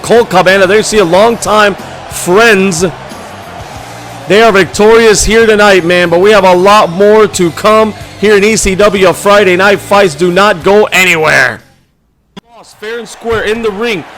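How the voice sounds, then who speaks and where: A man doing excited play-by-play commentary over a wrestling video game, shouting his calls with game music and crowd noise behind him. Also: high-pitched. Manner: hyped, loud, shouting calls.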